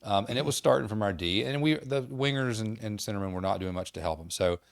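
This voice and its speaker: A man co-hosting a podcast, talking in a measured, wry way and steering clear of swearing. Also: fairly low pitch, no room sound, clean studio sound. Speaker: podcast co-host. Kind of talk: casual chat.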